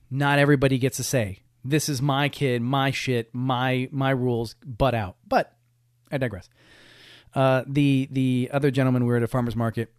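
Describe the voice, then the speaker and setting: A young man holding forth on his podcast, wry and swearing freely as he rambles through stories with plenty of restarts. His voice sits at an ordinary middle pitch. The sound is close and dry, with no room around it. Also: dry recording. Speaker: podcast host. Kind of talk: casual storytelling monologue.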